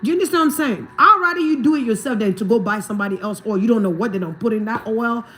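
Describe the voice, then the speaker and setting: A woman's voice: a little high, racing, a bit bright, soft background music. A woman from Africa talking casually on a livestream as a spiritual reader. She repeats her points emphatically, asks listeners whether they understand, and laughs often.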